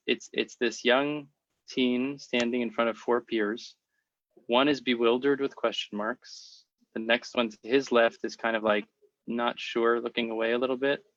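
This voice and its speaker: Host, man, speech therapist, measured and thoughtful, muffled lo-fi sound. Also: mid-range voice, a bit bright, dry recording. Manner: thoughtful, measured, stretches words to stress a point. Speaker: podcast host, speech-language pathologist. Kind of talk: interview conversation. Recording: slightly dull lo-fi sound.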